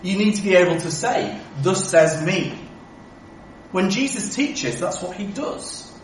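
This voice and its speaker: Preacher in an echoey church. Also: male voice, high-pitched, sing-song, a little slow, far from the mic, a little hiss or hum. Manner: rhetorical questions, emphatic. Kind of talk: sermon.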